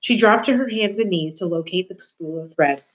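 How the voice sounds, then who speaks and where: A woman, a student reader, reading a chapter of a novel aloud in a plain, steady way. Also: on the low side, moderate pace, poor audio.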